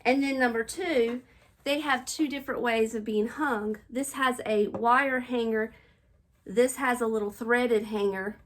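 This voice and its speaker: A woman's voice: a little high, fairly even intonation, measured pace, fairly bright tone. A middle-aged woman chatting casually to viewers as she decorates her bedroom, a little out of breath. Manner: chatty, talking to viewers while working. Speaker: home decor vlogger. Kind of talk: casual chat while decorating. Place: home bedroom.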